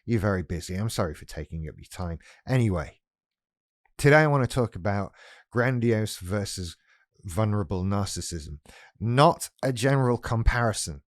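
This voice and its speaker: A man's voice: fairly low pitch, animated, moderate pace, no echo, studio quality. A man talking frankly and with self-mocking humor in a casual vlog monologue. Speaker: YouTuber.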